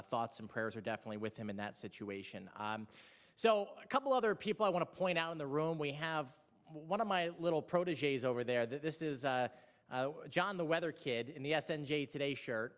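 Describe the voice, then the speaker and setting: A man, a meteorologist running the seminar, presenting to a room with an upbeat, halting delivery full of ums and restarts. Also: medium pitch, fairly bright tone, clean tone. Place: seminar room before an audience. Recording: reverberant hall.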